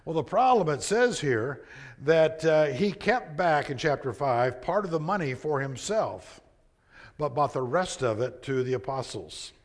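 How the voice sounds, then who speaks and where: A man preaching a sermon, earnest and conversational, swinging between emphatic points and hushed, quiet asides. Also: fairly high pitch, expressive, a little slow. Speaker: pastor.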